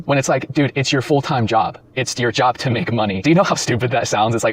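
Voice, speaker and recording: A man's voice: medium pitch, quick pace, few pauses, slight background noise. A man talking through a commentary video with mocking, rambling rebuttals. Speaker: online commentator.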